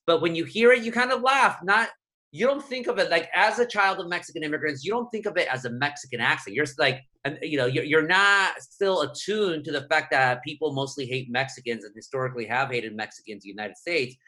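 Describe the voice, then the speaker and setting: A man from Southern California, talking in a casual interview as a guest columnist, animated and full of fillers. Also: a little high, a little fast. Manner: animated, many fillers, quotes his younger self.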